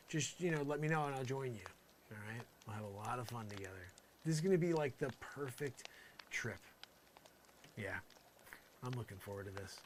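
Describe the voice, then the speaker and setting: A man's voice: medium pitch, a little hiss or hum. A man doing an improvised comedy monologue in character, rambling and exasperated, full of "you know" asides.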